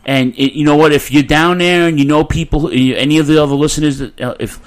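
A man's voice: a little high, fairly even intonation, brisk. Rambling, profane New man. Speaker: podcast host. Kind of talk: casual podcast chat.

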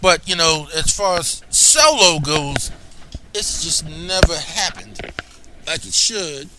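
A man's voice: on the high side, animated, slow, background noise. A man giving casual solo commentary about comic books, chatty and rambling, with frequent restarts and asides, coughing now and then.

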